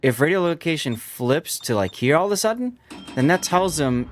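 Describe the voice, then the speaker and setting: A man's voice: fairly high pitch, very animated, moderate pace, faint music behind. A man streaming and commentating a game tournament, explaining the tactics to his viewers as he goes.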